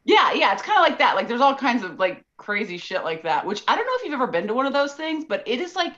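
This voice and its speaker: A woman voice actor chatting as a podcast guest over a remote call, lively and full of "like" fillers. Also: fairly high pitch, quick pace, lo-fi sound. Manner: lively, filler-heavy, laughs easily. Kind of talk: casual chat. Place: at home in Atlanta over a call.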